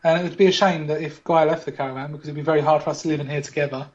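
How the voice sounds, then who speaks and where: A man's voice: a little high, steady tone, racing, muffled recording. A man hosting a podcast, running a mock game show with teasing, playful patter like a quiz commentator. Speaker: podcast host.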